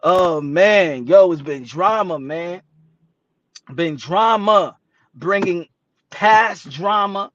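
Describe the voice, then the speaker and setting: A man from Brooklyn chatting about boxing, loose and full of slang, switching into Spanish now and then. His voice sits high and bright. The recording is dry and a little dull. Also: very slow, slight background noise. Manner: streetwise slang, mixes in Spanish phrases, laughs often. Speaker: boxing show host. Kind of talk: casual boxing talk.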